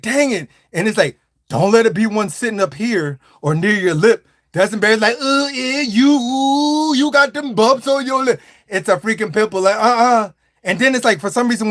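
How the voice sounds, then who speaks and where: A man on a live stream, joking and ranting straight to his chat in an animated, playful way. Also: high voice. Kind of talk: comic stream rant.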